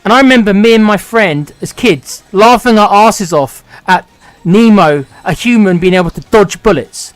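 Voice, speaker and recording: Sarcastic man, high voice. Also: moderate pace, no echo. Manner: sarcastic, grumbling at the game. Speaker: gaming channel host. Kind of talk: let's-play commentary.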